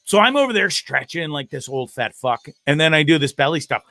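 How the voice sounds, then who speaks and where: Man, middle-aged, crude rambling host, bright tense voice, dry close sound. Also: on the high side, big pitch swings, a little fast, no echo. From Canada. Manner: crude, profane, self-mocking and rambling; repeats words and restarts a lot. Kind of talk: casual rambling monologue.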